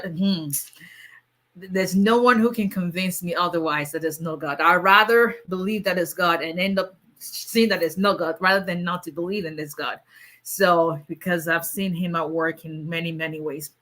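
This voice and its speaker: A woman's voice: lowish voice, moderate pace, sharp tone. A tired woman, an immigration lawyer chatting casually on a livestream, greeting viewers by name and laughing often.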